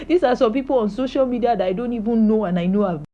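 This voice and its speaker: A woman's voice: fairly high pitch, quick pace, mellow, dull audio. A young woman speaking to camera in an emotional, joyful personal video diary, praising God. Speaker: vlogger.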